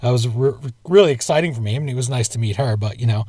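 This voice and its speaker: Male co-host, mid-pitched, reflective storyteller, dry booth sound. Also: fast, dark tone, dry recording. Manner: storytelling, reflective, with occasional laughs. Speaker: podcast co-host. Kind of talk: casual conversational chat.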